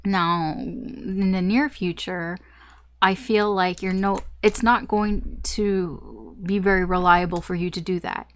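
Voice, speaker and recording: A woman's voice: fairly low pitch, slow, slight background noise. A woman tarot reader talking through a casual, rambling reading, often laughing at herself.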